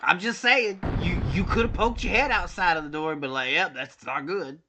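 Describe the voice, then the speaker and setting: A man's voice: high voice, normal speed, background noise. Man making sarcastic gaming asides. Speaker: streamer. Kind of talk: let's play commentary. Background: game music.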